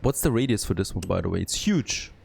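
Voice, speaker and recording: A man who is not a native English speaker, thinking aloud and getting excited as he comments on a city-building game. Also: lowish voice, fairly quick, gravelly, breathy edge. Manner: thinking aloud, easily excited, frequent "there you go". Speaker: gameplay commentator. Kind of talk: let's play commentary.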